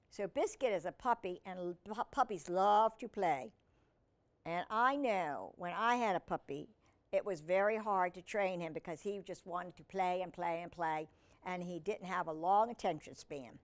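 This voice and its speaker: A woman reading picture books to children, gentle and teacherly, often asking the listener questions. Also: medium pitch, measured pace. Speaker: children's storyteller.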